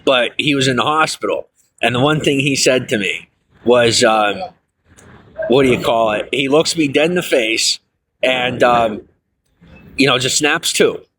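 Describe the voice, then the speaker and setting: Bright-voiced man rambling on a livestream. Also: a little slow, long pauses, slight background noise. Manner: rambling, with frequent fillers and self-corrections; laughs things off, pitch jumps when excited. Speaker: streamer telling his life story. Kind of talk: casual livestream monologue.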